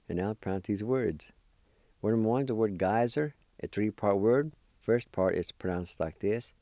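A man's voice: on the low side, lively intonation, normal speed, mellow, no echo. A man teaching word pronunciation, sounding words out syllable by syllable in a patient, encouraging way. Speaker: language teacher. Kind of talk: pronunciation lesson.

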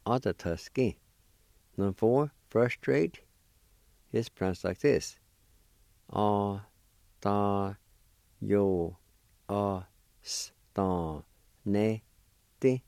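A man teaching a language lesson, spelling and pronouncing words slowly and patiently, letter by letter. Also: on the low side, gravelly, darkish tone, dry recording. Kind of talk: slow spelling and pronunciation lesson.

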